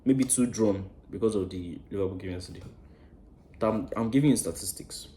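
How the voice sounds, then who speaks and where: Man, fan channel host, passionate preachy rant, swears a lot, loud then hushed, mellow warm tone, echoey room. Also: lowish voice, fairly quick. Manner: impassioned, preachy, swears freely, swings between loud and hushed. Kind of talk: passionate match-reaction rant.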